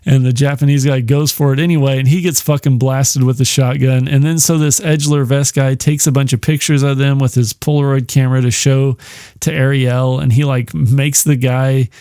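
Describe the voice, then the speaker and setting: A man's voice: medium pitch, level tone, normal speed, dark tone, smooth, no echo, studio quality. A man hosting a podcast, rambling casually and profanely through a film comparison, chuckling often and using lots of fillers. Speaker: podcast host.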